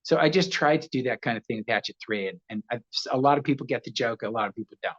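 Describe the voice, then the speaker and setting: American male actor guest, animated anecdote teller, dull lo-fi remote audio; good for an interview clip. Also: medium pitch, fast. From United States. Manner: animated storyteller, slips into voices.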